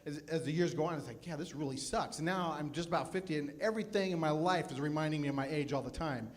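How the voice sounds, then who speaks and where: In a live comedy club with an audience, a man in his fifties from Phoenix, USA, performs a self-deprecating stand-up set and chats with the crowd. He talks fast in a voice on the high side.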